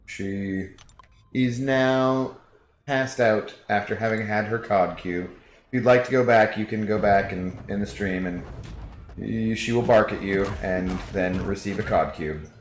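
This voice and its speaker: A man's voice: on the low side, unhurried, roomy sound, a little hiss or hum. A man streaming a video game, chatting casually and jokingly with viewers and reading their messages aloud.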